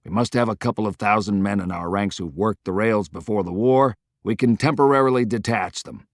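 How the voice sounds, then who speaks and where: A stern Union commanding general in an audiobook, voiced by a male narrator, curt and clipped. His voice sits fairly low, and the recording is dry and close. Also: a little fast, no echo, natural voice. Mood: firm.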